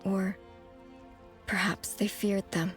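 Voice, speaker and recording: A woman voicing an ancient, calm moon goddess in a game cutscene, recounting in a measured, solemn way. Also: medium pitch, soft background music, lightly acted.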